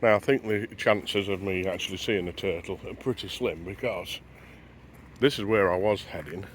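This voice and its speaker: This man's voice sits low and moves at a normal speed, with slight background noise behind it. He's a travel vlogger strolling along a beach at sunrise, narrating casually to the camera and musing aloud. He records on a handheld camera as he walks.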